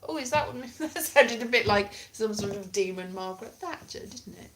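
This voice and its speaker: A woman chatting live with her viewers in a casual, playful way. She is theatrical and self-mocking, with a middling pitch. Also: animated, normal speed, a crowd in the background. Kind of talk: casual live-stream chat.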